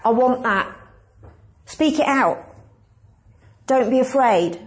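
A woman pastor preaching a conversational, emphatic sermon and asking the congregation questions. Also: high-pitched.

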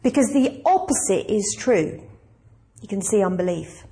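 A woman's voice: mid-range voice, animated, a little slow, dark tone. A woman pastor preaching a conversational, emphatic sermon and asking the congregation questions.

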